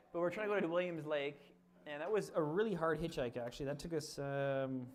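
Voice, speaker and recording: A man giving a casual slide talk to a club, telling a trip story with fillers and frequent laughter, getting loud when he acts out the story. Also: moderate pace. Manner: chatty, laughs often, with fillers and restarts; gets loud and high when acting out the story.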